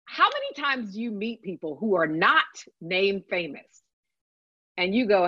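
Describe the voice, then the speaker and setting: A woman telling a lively story in casual chat, swearing freely and adding chatty asides. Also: medium pitch, measured pace, no echo, muffled recording. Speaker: podcast guest, works on a TV set.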